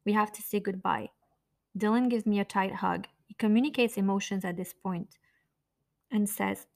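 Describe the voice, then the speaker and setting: A woman's voice: mid-range voice, moderate pace, creaky, darkish tone. A woman narrating her own memoir in a blunt, raw, profane way.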